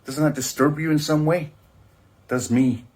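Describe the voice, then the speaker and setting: A man giving a rambling, deadpan satirical comedy review of a film, sardonic and self-mocking. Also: fairly high pitch, moderate pace.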